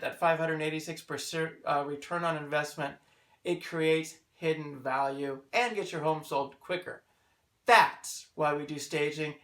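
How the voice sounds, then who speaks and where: An American man who is a real estate agent, explaining a sales tip in an energetic, chatty way and asking himself rhetorical questions. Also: high-pitched. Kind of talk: promotional explainer video. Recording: echoey room.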